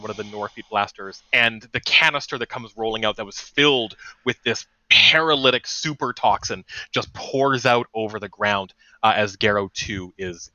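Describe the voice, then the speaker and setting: A man narrating as game master in a casual, profane, animated way. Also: lowish voice, dry recording, rough recording.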